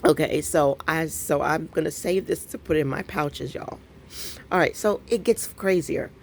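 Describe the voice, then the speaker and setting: A woman's voice: sits low, unhurried, a little hiss or hum. A middle-aged woman, telling a story to her viewers at home with lots of laughter and y'all. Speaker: craft vlogger. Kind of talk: casual chat to camera.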